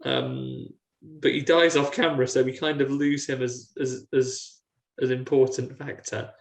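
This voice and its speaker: A man's voice: medium pitch, animated, unhurried. A man co-hosting a casual film chat, rambling through scene retellings with many fillers. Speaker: podcast co-host. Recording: roomy echo.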